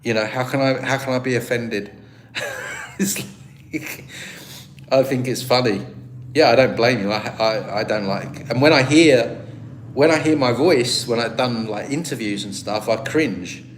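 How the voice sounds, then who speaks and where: A British man talks loosely to his livestream audience, answering viewer comments as they come in. His voice sits at a middle pitch. He rambles and restarts his sentences, and he is quick to make fun of himself. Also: slight background noise. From Britain. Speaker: livestream host. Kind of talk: casual live-stream chat, reading viewer comments.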